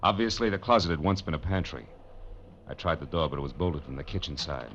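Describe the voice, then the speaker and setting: A man's voice: a bass voice, quick pace, fairly bright tone, slight background noise. A man playing a hard-boiled, wry private eye in a vintage radio drama, narrating and talking in a dry, wisecracking way. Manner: dry, wisecracking, soothing to others. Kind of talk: 1940s radio drama acting with first-person narration. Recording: lo-fi vintage radio broadcast with music.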